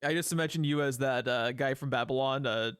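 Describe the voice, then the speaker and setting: A man's voice: medium pitch, a little fast, a bit bright, smooth, dry recording, studio quality. A man co-hosting a podcast, chatting animatedly, swearing freely and laughing easily. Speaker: podcast co-host. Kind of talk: casual chat.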